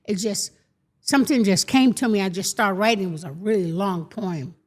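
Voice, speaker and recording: A woman's voice: medium pitch, normal speed. An older woman telling stories in an interview, acting out the voices of the people in them. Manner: acts out quoted voices while telling stories. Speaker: guest. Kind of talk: animated storytelling.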